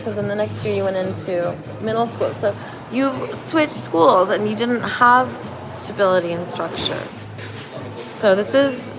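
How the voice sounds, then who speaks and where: In a plain voice, a woman acting as an earnest mother pleads with her daughter, slow and heartfelt, in self-help phrases. Music plays behind her in this online clip. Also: medium pitch, gravelly. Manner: slow, earnest therapy-style speech.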